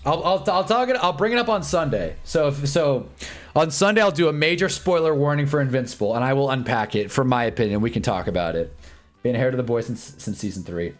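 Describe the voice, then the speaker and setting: Rambling young livestream host. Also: male voice, medium pitch, animated, soft background music. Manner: rambling, candid, swears and repeats himself; puts on quick voices for quoted people. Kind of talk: casual chat during a sports watch-along.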